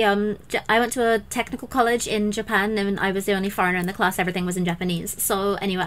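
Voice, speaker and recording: A woman hosting a podcast, chatting casually and animatedly, often mimicking others. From English-speaking country. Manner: animated, quick to mimic others in high voices. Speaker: podcast host.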